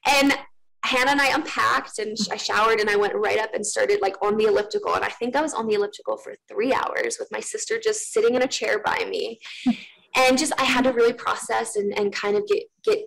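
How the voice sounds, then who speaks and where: A woman in her late twenties, an interview guest who grew up in Russia, telling a personal story in quick bursts with many fillers and restarts. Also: on the high side, fairly even intonation, vocal fry, fairly bright tone, low-quality recording.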